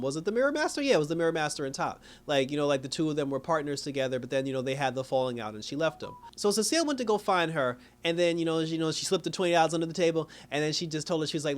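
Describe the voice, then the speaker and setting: A man recapping a TV episode in a quick, rambling stream. His voice sits fairly high for a man, and his sentences are full of "you know" and "like". He laughs easily as he goes. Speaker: TV episode reviewer. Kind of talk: casual recap review.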